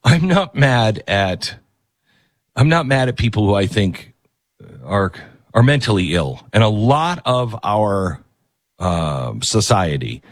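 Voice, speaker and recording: The recording is dry, and the man's voice is on the low side, slow-paced, with big swings in pitch. Hosting a political talk radio show, he delivers an ad in an emphatic, chatty manner, repeatedly cutting himself off to begin sentences again.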